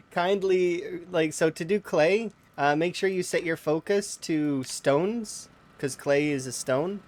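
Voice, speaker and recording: A man's voice: a little high, slow pace. A man streaming a game, giving rambling, casual tips to his chat and chatting to the animals in the game. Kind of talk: casual let's-play commentary.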